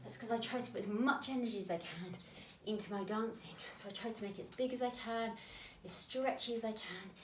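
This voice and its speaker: A woman with a British accent leading a children's dance lesson, slightly out of breath, giving gentle, encouraging cues. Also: medium pitch, fairly quick, few pauses, slight background noise. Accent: British English. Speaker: dance teacher. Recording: roomy sound, mic at a distance.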